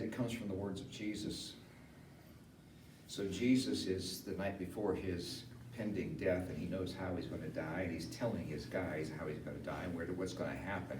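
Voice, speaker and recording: Low-voiced pastor in an echoey hall. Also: male voice. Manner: conversational, rises to animated emphasis. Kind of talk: funeral sermon. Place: funeral home chapel. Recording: echoey room from far off, faint hiss.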